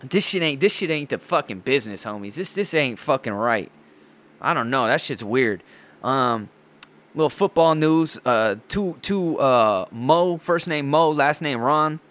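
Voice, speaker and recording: A man's voice: on the high side, animated, measured pace, fairly bright tone. A man hosting his own show, ranting in a profane, rambling way about movies and sports news. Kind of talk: casual ranting monologue.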